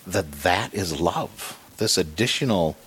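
A man earnestly recounting a painful hospital stay in a conversation about faith, halting and restarting as he talks. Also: sits low, expressive, a bit bright, slight background noise. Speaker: guest sharing a personal story.

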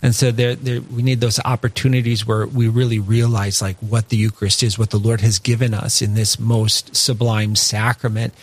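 A man's voice: lowish voice, flat delivery, normal speed, hardly any pauses. A man, a Catholic priest, speaking earnestly and reflectively in a conversational faith discussion and telling a story with many asides. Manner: earnest, reflective, tells stories with many "you know" asides.

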